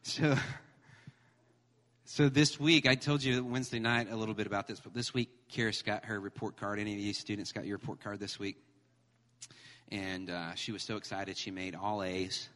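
A man in his thirties preaching a sermon as pastor, animated and emphatic, mixing humor with scripture. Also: fairly low pitch, moderate pace. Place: church sanctuary. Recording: long hall reverb.

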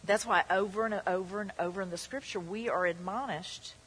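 A woman's voice: mid-range voice, brisk, a bit bright, slight background noise. A woman pastor preaching a sermon with emphatic delivery, acting out the tempter's voice in quotes. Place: church hall. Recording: long reverb of a church hall.

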